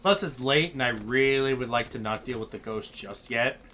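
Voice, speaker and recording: A man's voice: medium pitch, normal speed, sharp tone, a little hiss or hum. A man streaming a video game, reading along and explaining its mechanics in a wry, casual way with some swearing. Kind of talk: casual gameplay commentary.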